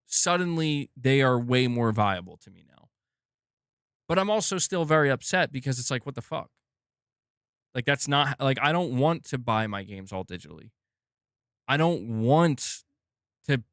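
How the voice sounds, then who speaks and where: A man's voice: mid-range voice, expressive, a little slow, fairly bright tone, clean tone, no echo, studio quality. A man hosting a gaming news stream, ranting casually and with exasperation, swearing and rambling.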